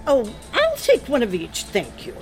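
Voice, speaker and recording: A woman's voice: a little high, wildly swooping pitch, a little slow, over loud music. A woman reading an audiobook, voicing a merry, drawling friend who loves her martinis. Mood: tipsy. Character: tipsy older woman friend, fond of martinis.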